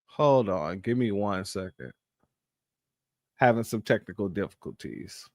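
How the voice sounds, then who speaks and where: A man's voice: fairly low pitch, expressive, unhurried, dry recording, studio quality. A man hosting a casual political commentary show, emphatic and talking straight to his viewers as family.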